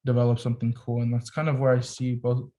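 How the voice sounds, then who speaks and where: A man's voice: medium pitch, quick pace. A young adult man, a photographer and podcast guest, telling a story casually and animatedly, with lots of "like" as filler. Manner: animated storyteller, heavy use of "like".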